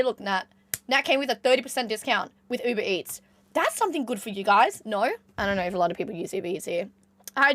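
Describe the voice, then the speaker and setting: A young woman chatting casually with her live-stream chat, excitable, jumping between squeals and low mutters. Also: dry recording. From Australia.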